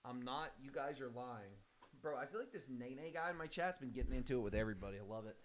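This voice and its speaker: A young man streaming a game, chatting casually, swearing often and rambling excitedly. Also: medium pitch, fast talker, a little hiss or hum. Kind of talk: casual livestream chat.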